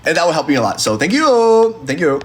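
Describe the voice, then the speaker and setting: With a sing-song, brisk delivery in a voice on the high side, a young independent artist livestreams from his phone to fans amid slight background noise. His chat is casual and rambling, full of fillers, and he acts out both sides of each story.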